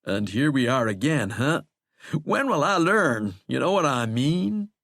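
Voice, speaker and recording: Guy doing a sardonic chained monster dude, folksy and coaxing, lively up-and-down voice, dry close mic. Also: mid-range voice, unhurried, vocal fry, dry recording, voice pushed up, heavily acted. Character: shackled cursed man, wry, taunting, coaxing.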